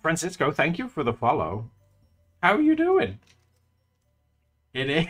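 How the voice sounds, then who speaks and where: A man chats casually on a live stream as he draws, telling stories and thanking viewers with frequent laughs. His pitch swings widely as he talks, and soft guitar music plays faintly underneath. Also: huge pitch swings, a little slow. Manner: chatty storyteller, laughs often, thanks viewers. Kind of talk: casual chat while drawing.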